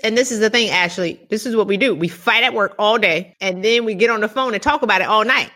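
A woman hosting a podcast interview, laughing often and acting out animated retellings. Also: mid-range voice, quick pace. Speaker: podcast host. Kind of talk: casual interview chat.

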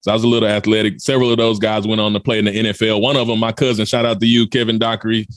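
A motivational speaker from Memphis tells a dramatic personal story on a podcast, urgent and emphatic, talking very fast. His voice is on the low side with a level tone, recorded cleanly in a studio with no echo.

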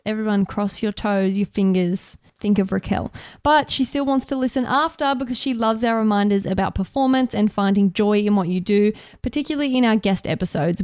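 A woman's voice: medium pitch, a little mellow, smooth, no room sound, studio quality. A young Australian woman co-hosting a podcast, chatting in a bubbly, casual way and laughing easily. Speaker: podcast co-host, radio journalist.

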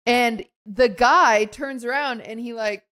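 A woman's voice: fairly high pitch, takes it slowly, a bit bright. A young woman co-hosting a podcast, telling a story in a casual chat and acting out quotes with lots of fillers. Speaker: podcast co-host.

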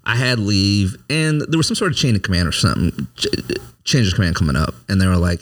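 A man's voice: on the low side, animated, fast talker. A man candidly telling a personal story in casual, profane conversation, often asking "you know what I mean". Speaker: service member telling his story.

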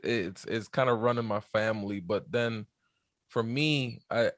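An easygoing man in his thirties talks casually as a podcast guest. His voice sits fairly low, and he laughs often between relaxed answers. The sound is dry and close. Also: measured pace, no echo. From New York, USA. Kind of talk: casual interview chat.

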